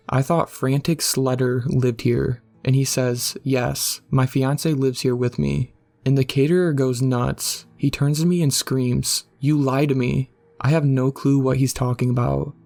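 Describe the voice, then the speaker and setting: Narrating a scary story, a man keeps his creaky, mid-range voice level, with little rise or fall. His reading sounds dark, mellow, scripted, and unhurried.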